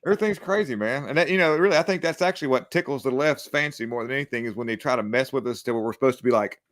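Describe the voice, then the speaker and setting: A man hosts a loose political chat, talking in a folksy, joking way and laughing often. His voice sits at an ordinary middle pitch. The sound is dry and close, with no room echo. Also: very fast, a bit bright. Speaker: show host.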